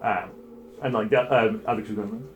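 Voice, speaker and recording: A man's voice: fairly low pitch, moderate pace, dull audio. Hesitant man game master. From South Africa. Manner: casual, filler-heavy, hesitant. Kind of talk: narrating a tabletop game.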